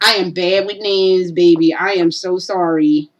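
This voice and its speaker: A woman vlogger ranting in a blunt, profane, animated way. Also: lowish voice, unhurried, highs cut off. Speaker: gaming vlogger. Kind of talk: casual rant.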